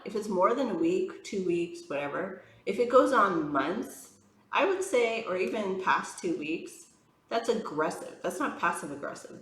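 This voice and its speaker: A woman's voice: mid-range voice, reverberant, a little hiss or hum, rough recording. A woman tarot reader chatting casually on a vlog, rambling with lots of fillers, frank and exasperated as she talks. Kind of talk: casual chatty vlog while doing makeup.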